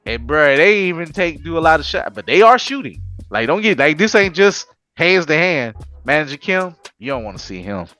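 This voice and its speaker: A man co-hosting a casual anime podcast, talking in an animated, slangy way. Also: on the high side, moderate pace, faint music behind. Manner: animated, slangy, jumps into quoted voices. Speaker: podcast co-host.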